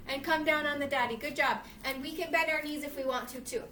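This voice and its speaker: High-voiced woman teaching yoga to kids. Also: fairly even intonation, quick pace, few pauses, slight background noise. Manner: encouraging, addresses kids as friends, acts out the story's shouts. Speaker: children's yoga instructor. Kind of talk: reading a storybook aloud while leading kids' yoga. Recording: echoey room from some distance.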